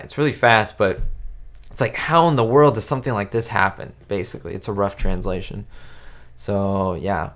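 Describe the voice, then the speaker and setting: A chatty man whose first language is Spanish hosts a live-stream chat with a slightly low voice. He rambles, restarts his sentences and greets viewers by name. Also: normal speed. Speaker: YouTube host answering live chat. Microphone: webcam setup.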